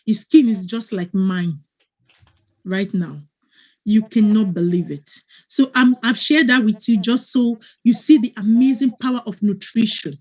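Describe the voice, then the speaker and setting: A woman's voice: a little high, a little slow, darkish tone. A woman, a wellness coach giving an earnest, emotional testimonial on a video call and often checking that listeners follow.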